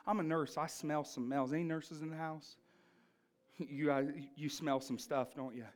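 A woman's voice: low-pitched, fairly even intonation, moderate pace. A woman preaching a sermon, telling a personal story in an emphatic, fervent manner.

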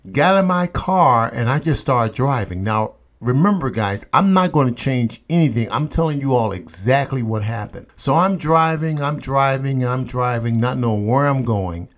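A man's voice: mid-range voice, animated, moderate pace, few pauses. Emphatic man telling a personal story. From St. Louis area, USA. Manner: emphatic, repeats refrains for effect. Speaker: motivational podcast host.

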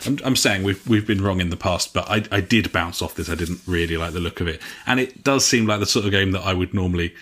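A man's voice: deep voice, fast, hardly any pauses, a bit bright, husky. A man co-hosting a casual gaming podcast, chatty and swearing freely between filler sounds. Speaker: podcast co-host.

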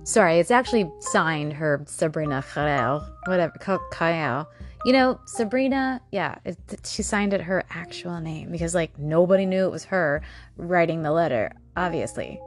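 A woman's voice: lowish voice, expressive, moderate pace, faint music behind. A woman in her thirties hosting a true-crime show, swearing often and sarcastic, audibly exasperated as she comments. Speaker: podcast host.

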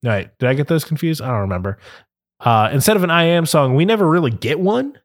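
A man's voice: a little high, expressive, fast talker. Rambling young man hosting a podcast. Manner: rambling, filler-heavy, laughs easily. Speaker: podcast host. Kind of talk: casual podcast chat.

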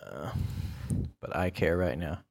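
A man with a somewhat low voice hosts a solo podcast. He chats casually and loosely, drifting between thoughts and filling pauses with ums and uhs. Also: expressive, creaky. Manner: rambling and laid-back, with many fillers. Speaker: podcast host.

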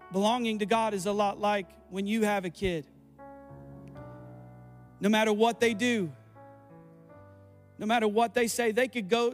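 A man preaching a sermon, earnest and building to impassioned appeals to the congregation. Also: very high voice. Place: church hall. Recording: echoey hall with faint music. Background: faint music.

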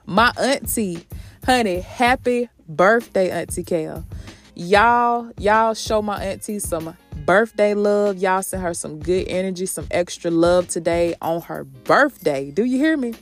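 A woman's voice: medium pitch, unhurried, soft background music. A woman hosting a motivational podcast, talking in a sassy, preachy way, calling her listeners sis and honey. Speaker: podcast host.

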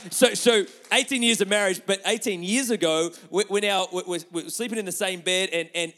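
High-voiced chatty male pastor preaching. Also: big-room sound. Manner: animated, chatty, with many restarts, addressing the audience. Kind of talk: sermon with storytelling.

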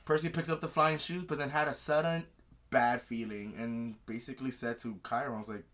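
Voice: mid-range voice, steady tone, fairly quick, fairly bright tone. A podcast co-host animatedly retelling a book chapter in casual chat, swearing freely and acting out the characters.

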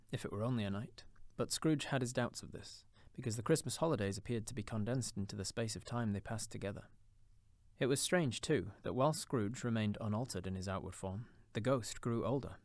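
A man reads a classic tale aloud with expressive, dramatic pacing. His voice sits a bit low and the recording is dry and close. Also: dry recording. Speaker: narrator. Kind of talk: storybook reading.

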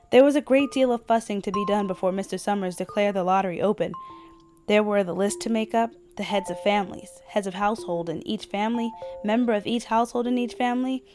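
Woman, podcast host, reading a story aloud, steady, measured, faint music underneath. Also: mid-range voice.

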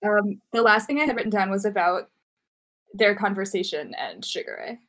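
A young woman co-hosting a casual chat, relaxed and opinionated, with lots of filler words. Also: medium pitch, normal speed. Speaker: podcast co-host. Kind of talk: casual chat about anime.

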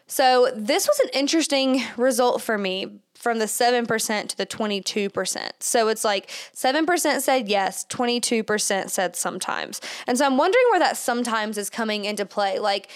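A woman's voice: fairly high pitch, smooth. A woman hosting a casual solo podcast, chatty and full of fillers, slightly out of breath with a stuffed-up nose. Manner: chatty, filler-heavy, laughs often. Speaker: podcast host.

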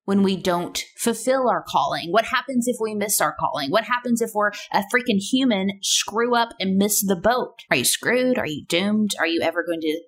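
A woman's voice: mid-range voice, expressive, moderate pace, few pauses, fairly bright tone, slightly rough. A woman in her thirties hosting a casual solo podcast, chatty and playful, full of rhetorical questions. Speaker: podcast host.

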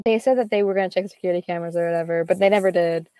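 A woman's voice: lowish voice, steady tone, very fast, mellow, no room sound. A teenage girl chatting casually, telling a long story full of fillers and quoted back-and-forth. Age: teens. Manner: rambling, filler-heavy, quotes others. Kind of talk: casual chat.

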